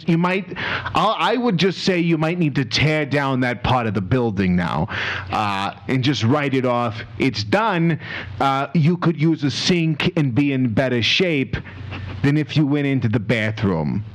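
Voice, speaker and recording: A man's voice: medium pitch, lively intonation, unhurried. A man playing a flustered pet owner in a comedy sketch, rambling and hesitant, with full of restarts. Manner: bursts into emotional crying outbursts.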